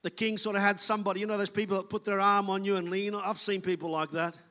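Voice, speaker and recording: A pastor preaches a sermon to his congregation in a loose, conversational style, acting out the voices he quotes. His voice is high-pitched and his delivery flat, fast, bright, and forceful, echoing in a big room.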